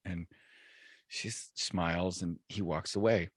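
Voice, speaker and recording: A man's voice: deep voice, fairly even intonation, measured pace, slightly rough, no room sound, clean studio sound. Laid-back male podcast joke-teller. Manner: laid-back storyteller, chuckling. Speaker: podcast co-host. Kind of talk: casual joke-telling chat.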